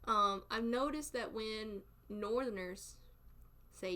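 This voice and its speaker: Slow-talking young Southern woman streamer. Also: mid-range voice, bright, forceful tone. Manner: chatty, laughs often, playful. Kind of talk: casual chat with live chat.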